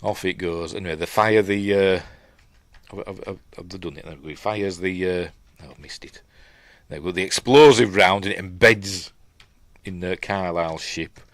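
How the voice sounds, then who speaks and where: A man's voice: low voice, moderate pace, no room sound. A middle-aged man with a Yorkshire accent hosts a casual film breakdown. He rambles, trails off and restarts while chatting with viewers. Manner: chats with live viewers while watching. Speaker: host.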